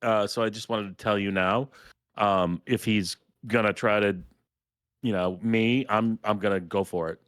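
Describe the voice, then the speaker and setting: A man co-hosting a podcast, telling a story in a rambling, halting way with many fillers. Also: lowish voice, steady tone, a bit bright, no room sound, studio quality. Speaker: podcast co-host. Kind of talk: casual storytelling.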